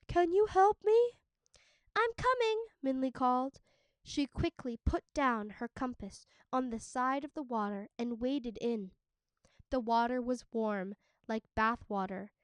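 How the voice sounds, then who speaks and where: Female teacher, audiobook read-aloud, slow and crisp, dry close sound. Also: a little high, no room sound. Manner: steady, clear storytelling.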